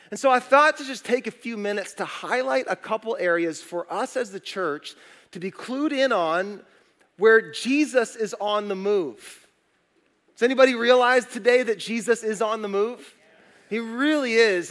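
High-voiced man preaching in a reverberant hall. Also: a bit bright. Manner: conversational, asks the congregation questions. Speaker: pastor. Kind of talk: sermon. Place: church auditorium. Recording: long reverb of a large hall.

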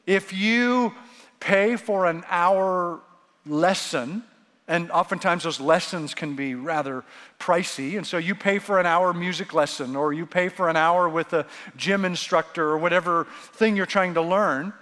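A man preaching a sermon as pastor, lively and animated, acting out the voices of the people he quotes. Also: high-pitched, a little slow, big-room sound.

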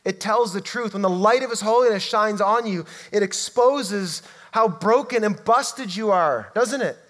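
A man preaching a sermon in a church, emphatic and swinging from loud to hushed. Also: high-pitched, unhurried. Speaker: pastor. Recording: long reverb hall.

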